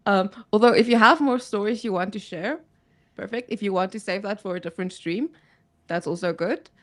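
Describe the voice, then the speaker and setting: A woman's voice: mid-range voice, a little fast. A woman hosting a casual interview stream, talking politely and considerately with hesitant fillers. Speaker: stream host.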